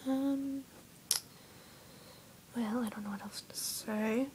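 A woman's voice: a little high, steady tone, slow, noisy background. A teenage girl whispering a rambling, goofy vlog from her bedroom on a webcam. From USA. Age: teens. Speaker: vlogger.

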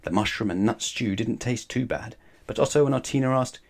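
A man reading a children's bedtime story aloud in a calm, measured way. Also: mid-range voice, vocal fry.

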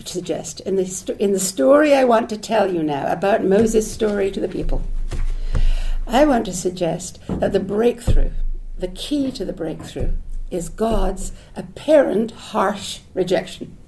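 A woman delivers a thoughtful public lecture in a lecture hall, her medium-pitched voice dark in tone, animated, and measured in pace. She seems to work ideas out as she goes, circling back with restarts and side remarks and weaving Hebrew phrases into her speech.

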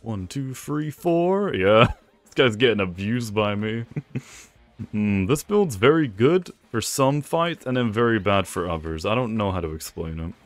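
A man's voice: on the low side, animated, a little slow, no room sound. A young man giving live commentary over his own gameplay, playfully teasing his opponent with mock complaints. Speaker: gaming video creator.

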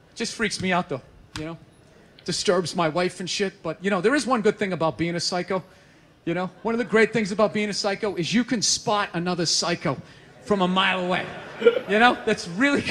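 High bright guy doing standup, loud and animated, swears a lot and does all the voices. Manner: loud, animated storytelling, profane, acts out characters. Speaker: stand-up comedian. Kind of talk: stand-up comedy routine.

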